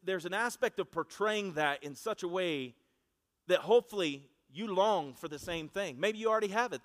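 A man's voice: high voice, a bit bright. A man preaching a sermon in a conversational, storytelling way, asking the congregation to repeat after him. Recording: long reverb of a large hall.

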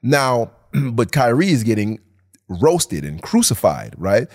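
An animated man holds forth on a casual podcast, pressing his points with emphasis and the odd swear word. His voice sits at an ordinary middle pitch for a man. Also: slow. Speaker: podcast co-host.

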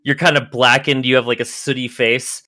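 A man's voice: medium pitch, flat delivery, a little fast, sharp tone, no room sound. A man running a tabletop game as game master, narrating casually with lots of fillers.

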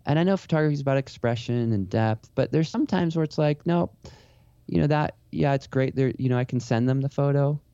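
A man answers interview questions in a reflective, rambling way, often restarting his sentences. His voice is dark and mellow. The recording is dry and a little dull. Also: mid-range voice, a little fast, clean tone, no echo. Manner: rambling, earnest, many restarts. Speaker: portrait photographer and author.

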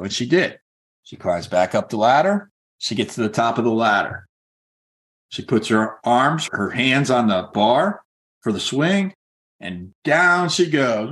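An earnest man speaks as a real estate coach, mixing a personal story into a motivational talk. He talks in a loose, conversational way, full of casual fillers, and keeps urging his listeners on. His voice sits at an ordinary middle pitch for a man. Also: big pitch swings, a little slow, fairly bright tone. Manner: conversational, many "like" and "you know" fillers; earnest and encouraging.

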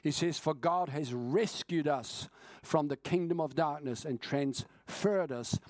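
A male preacher delivers an evening sermon in an earnest, urging manner. His voice sits slightly high for a man. The sound is dry and close, with no room echo. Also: darkish tone. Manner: earnest, urging, speeds up and slows down for emphasis.

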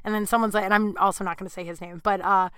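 A woman podcast host spins frank, rambling stories, leaning on "like" and poking fun at herself. Her voice is bright and ringing, with a smooth, crisp clarity. The sound is close and dry, with no room around it. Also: medium pitch, steady tone, rapid-fire, no room sound. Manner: crude, self-mocking humor. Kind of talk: candid storytelling chat.

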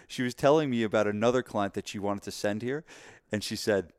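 Podcast co-host, male, lower pitch, lively storyteller who acts out voices, dry studio sound. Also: fairly quick, smooth, no echo. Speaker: podcast co-host, gym marketing coach. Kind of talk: casual podcast chat.

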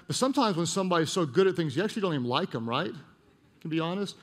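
A middle-aged pastor with a high voice preaches at a quick pace, telling a personal story emotionally and addressing the congregation in asides. It's a storytelling sermon recorded with long hall reverb.

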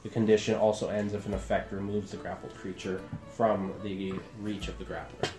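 A man's voice: on the low side, level tone, a little fast, echoey room, over music. A man running a tabletop game as game master, casual, laughing and swearing.

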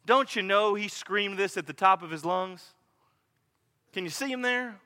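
A middle-aged man preaching a sermon with animated storytelling, his voice high and bright. The sound carries a long reverb from a church hall. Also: unhurried. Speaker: pastor.

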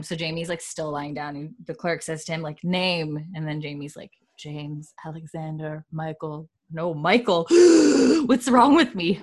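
A woman in casual chat, retelling a TV scene with quick quoted voices and laughter. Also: fairly low pitch. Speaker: podcast co-host. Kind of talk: casual chat recapping a TV episode.

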